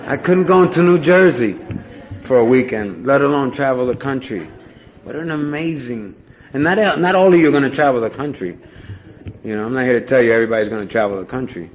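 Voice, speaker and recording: A man's voice: medium pitch, quick pace, slight background noise, rough recording. A man giving a rambling, self-mocking personal testimony at a convention, full of "you know" fillers. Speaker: speaker sharing recovery story at a convention.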